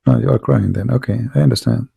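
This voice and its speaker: A man's voice: mid-range voice, quick pace, vocal fry, warm tone, breathy edge, no echo. A man hosting a casual online debate call, hesitant and repeating words, turning confrontational about his opponents.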